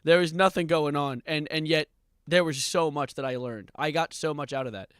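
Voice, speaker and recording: A man's voice: fairly high pitch, normal speed, fairly bright tone, smooth, dry recording, studio quality. A man livestreaming, casually reacting to clips with wry asides and laughter. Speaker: streamer.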